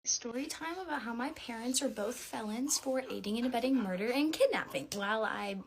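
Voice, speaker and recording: A woman's voice: a little high, expressive, fairly quick. A woman of about nineteen telling a storytime while doing her makeup, offhand and rambling with lots of fillers. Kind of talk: casual storytime monologue.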